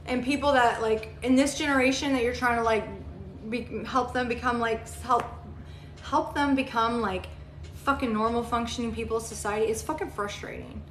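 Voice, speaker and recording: A woman's voice: a little high, fairly even intonation, normal speed, fairly bright tone. A woman hosting a casual livestream, chatting bluntly and profanely with viewers and rambling with lots of fillers. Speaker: livestream host. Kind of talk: casual live chat, answering viewer comments. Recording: echoey room, faint background noise.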